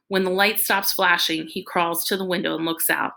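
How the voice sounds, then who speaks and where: A woman narrating a novel in the first person, reading in a plain, steady way. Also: fairly low pitch, moderate pace, vocal fry, hardly any pauses. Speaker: audiobook reader.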